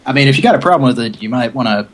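A man's voice: medium pitch, lively intonation, rapid-fire, slight background noise. A man co-hosting a comedic mock radio show, with dry, crude and sarcastic humor.

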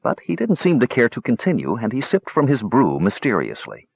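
A husky, very expressive male storyteller. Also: mid-range voice, a little fast, dry recording. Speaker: narrator. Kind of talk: audiobook fantasy narration. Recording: dull, dry close recording.

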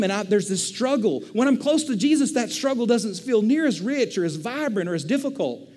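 Man, pastor, higher voice, middle-aged, lively casual sermon. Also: a little fast, hardly any pauses, big-room sound. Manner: conversational, animated storytelling preacher.

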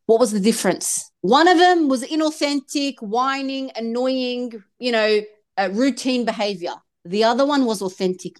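A woman's voice: on the high side, moderate pace. A woman in her thirties, a podcast guest, talking earnestly and with feeling about faith and motherhood. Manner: earnest, animated, switches into quoted voices. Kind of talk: emotional faith and fertility talk.

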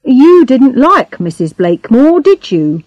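Calm, probing police inspector read by a woman. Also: high-pitched, no echo, muffled recording, voice pushed up, full character voice. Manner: calm, questioning, deliberate. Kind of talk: audiobook reading.

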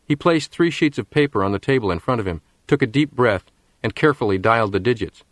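A man narrating an audiobook at a middle pitch, steady and measured. The recording is dry and close, with no room sound. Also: dry recording. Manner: measured storytelling. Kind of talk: scripted narration.

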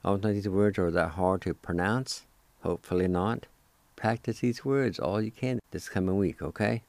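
A man hosts a radio language lesson, spelling and pronouncing words with patient repetition. His voice sits very low and mellow, and he talks slowly. The recording is dry and close. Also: dry recording. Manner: patient, repeats each word several times.

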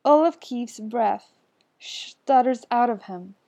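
A woman narrates fiction aloud for a podfic, slow and unhurried. Her voice is mellow and soft, with an intimate storytelling feel. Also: fairly high pitch, vocal fry. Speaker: podfic reader. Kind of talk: scripted narration.

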